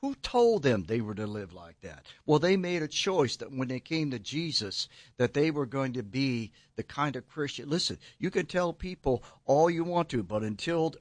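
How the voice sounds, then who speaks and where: A man appearing as a guest pastor on a Christian radio talk show, telling stories and making points with emphatic, animated delivery. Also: medium pitch, normal speed, hardly any pauses, dry recording. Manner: animated storytelling, emphatic preacher.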